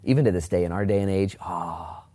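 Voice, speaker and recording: A man preaching a sermon as pastor, reading scripture and acting out the people in it with lively, jokey asides. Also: fairly quick. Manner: animated, acts out Bible figures in a high put-on voice. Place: church, online service during lockdown.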